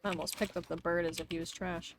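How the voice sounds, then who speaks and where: A woman streamer casually commenting on her gameplay in soft, muttered asides. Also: fairly low pitch, flat delivery, fast talker, a little hiss or hum.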